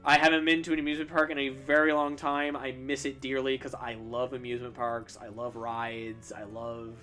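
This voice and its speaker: A young streamer draws and answers chat questions in a casual, rambling way, full of restarts and self-deprecating laughs. His mid-range voice is flat in delivery, a little fast, bright and forceful, with soft music in the background.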